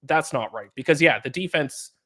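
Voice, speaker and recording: A man's voice: fairly high pitch, expressive, moderate pace, pushed and bright. A young man co-hosting a sports podcast, breaking down games in long, analytical explanations. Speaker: podcast co-host. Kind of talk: casual sports podcast chat.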